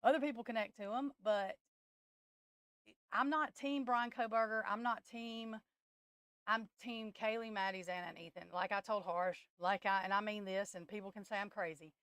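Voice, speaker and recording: A woman's voice: medium pitch, steady tone, moderate pace, fairly bright tone, clean tone, dry recording. A woman who hosts a tarot live stream, talking in a casual, emotional and blunt way that rambles.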